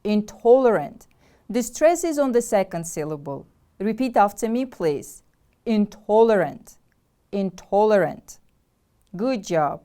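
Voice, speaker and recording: A woman teacher from Kyrgyzstan with a Kyrgyz accent, giving a deliberate English vocabulary lesson and having pupils repeat words after her. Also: mid-range voice, big pitch swings, dark tone. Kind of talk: slow, clear classroom instruction.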